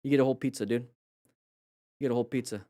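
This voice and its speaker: A man's voice: mid-range voice, fairly even intonation, very fast, warm tone, no room sound, studio quality. Chatty male live-stream riding coach. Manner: rambling, chatty, with frequent restarts and fillers; coaching tone, praising riders and joking with chat. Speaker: motorcycle safety streamer reviewing crash clips. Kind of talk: casual live-stream commentary.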